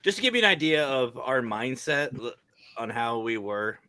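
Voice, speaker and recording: A man, a guest paranormal investigator, chatting on a video call in an animated, joking way. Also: mid-range voice, moderate pace, no echo. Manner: animated, laughing, jokey. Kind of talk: casual video chat.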